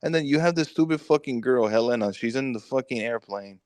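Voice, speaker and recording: A man on a movie review podcast, retelling the plot in an animated, profane way with quick mock quotes. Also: mid-range voice, clear, resonant tone, dry recording, studio quality. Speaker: podcast co-host. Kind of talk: casual movie review chat.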